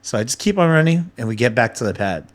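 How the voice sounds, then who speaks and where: Animated man swapping wild stories. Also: mid-range voice, fast. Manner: animated, swears freely, acts out quotes. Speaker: podcast guest. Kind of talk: casual storytelling chat.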